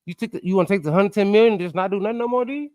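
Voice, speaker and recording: A man co-hosting a sports podcast, ranting excitably and swinging between loud outbursts and quiet asides. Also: high voice, rapid-fire, no echo, studio quality. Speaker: podcast co-host. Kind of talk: animated sports podcast chat.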